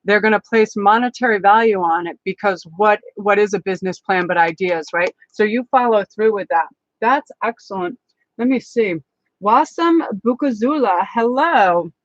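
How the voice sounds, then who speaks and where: A woman's voice: medium pitch, moderate pace, dry recording. Bubbly woman rambling through a tarot stream. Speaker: tarot reader. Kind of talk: live-stream tarot reading. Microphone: camera on a tripod. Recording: dry, slightly dull sound.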